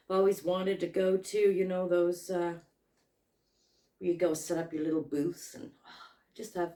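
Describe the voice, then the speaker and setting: A woman's voice: fairly low pitch, steady tone, normal speed, warm tone. A woman crochet vlogger chatting casually, rambling and joking at her own expense. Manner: rambling, chatty, self-deprecating.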